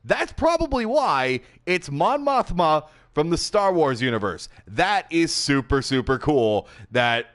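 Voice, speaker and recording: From his home setup, a man hosts a casual game commentary video for YouTube, speaking into a gaming headset. His fairly high voice sounds chatty and excitable, and he laughs often and fills his pauses.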